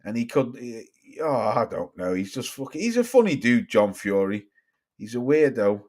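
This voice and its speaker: A man's voice: medium pitch, sing-song, moderate pace, darkish tone. A man, ranting casually and swearing while reacting to his live chat. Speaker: streamer.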